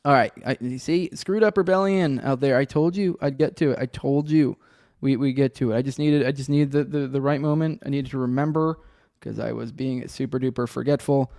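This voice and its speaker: Podcast host: man, rambling and sardonic, swears freely, dark mellow voice on a dry, close track. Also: mid-range voice, fairly quick, no room sound. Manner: rambling, profane, sardonic, many restarts. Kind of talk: casual solo commentary with chat. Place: home room with a cat and a desk.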